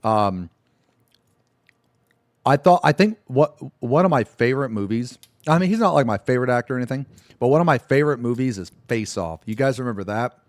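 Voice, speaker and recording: A man's voice: medium pitch, expressive, a little fast, dry recording. A man livestreaming, chatting casually with viewers in a rambling way, often laughing and swearing.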